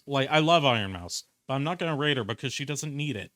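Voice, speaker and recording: A man's voice: mid-range voice, expressive, fast talker, a bit bright. American man casually streaming a game. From United States. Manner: rambling, frequent fillers and swearing. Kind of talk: casual gaming stream chat. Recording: game music behind.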